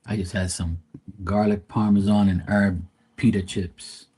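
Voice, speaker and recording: A man's voice: lowish voice, flat delivery, a little slow, warm tone, breathy edge. A man hosting a tarot livestream, rambling in casual, profane chat with his viewers. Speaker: tarot reader livestream host.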